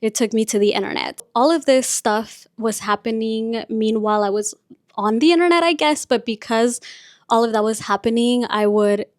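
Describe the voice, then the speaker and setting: A young woman hosts her podcast in a chatty, confiding tone, with Spanish as her first language. Her voice sits a little high. The sound is dry and close, with little room around it. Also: moderate pace, no room sound. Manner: chatty, confiding, frequent "like" and "you guys". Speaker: podcast host. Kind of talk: casual chat.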